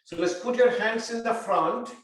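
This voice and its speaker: An older man teaching yoga therapy, giving calm guided instruction and repeating breathing cues. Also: extremely high pitch, normal speed. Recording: very echoey room, mic far off.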